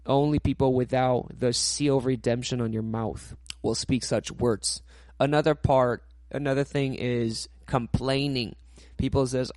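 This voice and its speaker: A man's voice: medium pitch, unhurried, dry recording. Guy preaching a sermon, english not his first language, acts out quotes, dry close sound. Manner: non-native English phrasing, quotes others in animated voices. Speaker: pastor.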